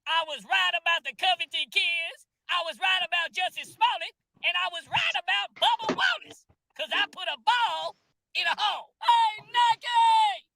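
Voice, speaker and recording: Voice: very high voice, lively intonation, normal speed, gravelly, slight background noise, full character voice. A performer doing a mocking comedy impression of a famous basketball star who fake-sobs, wails and brags. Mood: fake sobbing. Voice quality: fake sobbing, exaggerated wailing. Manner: boastful, repeats itself, shouty. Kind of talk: comedy parody clip.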